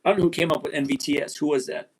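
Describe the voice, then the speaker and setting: A man in his sixties runs a live stock-trading stream, his voice sitting notably high for a man. He talks bluntly and with emphasis, slowing down to repeat the points he wants to stick. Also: fairly even intonation, breathy edge. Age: 60s. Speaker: livestream host.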